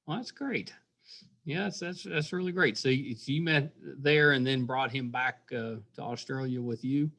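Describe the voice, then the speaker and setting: A middle-aged man with a West Virginia accent, hosting a casual podcast interview, friendly and quick to laugh. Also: mid-range voice, sharp tone. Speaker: podcast host.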